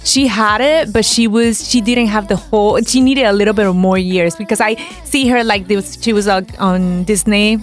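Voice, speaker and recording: A woman's voice: medium pitch, fairly even intonation, moderate pace, few pauses, soft background music. A woman with a non-native accent, a guest on a podcast, talking in an enthusiastic, giggly way. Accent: foreign accent. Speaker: guest, DJ and producer. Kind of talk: casual interview chat.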